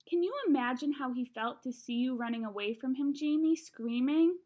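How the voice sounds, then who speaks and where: A woman's voice: sits high, moderate pace, warm tone. A woman voicing a caring mother who firmly scolds her sons, reading a storybook aloud. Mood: scolding. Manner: scolding, firm.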